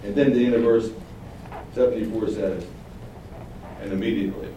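A man preaching a sermon, animated, acting out quoted lines with sudden rises. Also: fairly low pitch, normal speed, muffled recording. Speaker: pastor. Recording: very echoey room, distant mic, faint noise.

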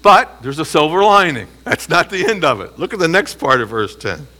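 Bright-voiced man teaching Bible study. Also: on the high side, animated, brisk, few pauses. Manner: emphatic, asks rhetorical questions and answers them; reads scripture aloud and comments between phrases.

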